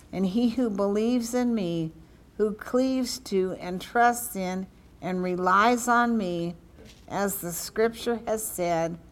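A woman preaching a sermon, praying fervently and reading scripture aloud with emphasis. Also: medium pitch. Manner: slow, emphatic delivery with fervent prayer.

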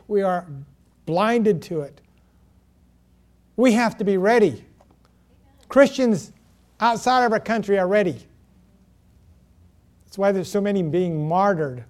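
A man preaching a sermon, reading scripture and stressing key words with pauses. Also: sits high, darkish tone. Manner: slow, emphatic preaching with pauses and self-corrections.

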